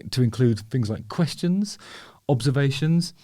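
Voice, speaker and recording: A man's voice: mid-range voice, expressive, a little slow, mellow, no room sound, studio quality. A man hosting his own show, chatty and wry, poking fun at himself as he rambles on. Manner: chatty, wry, self-deprecating, rambling with fillers. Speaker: host. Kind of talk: casual talking-head commentary.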